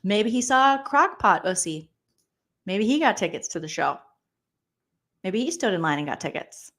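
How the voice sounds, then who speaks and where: A woman's voice: mid-range voice, big pitch swings, moderate pace, a bit bright. A young adult woman comedian recapping a reality show in a sarcastic, gossipy roast, talking straight to her viewers and mimicking the people she mocks. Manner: sarcastic, gossipy, mock-quotes people in put-on voices; chatty, addresses viewers directly.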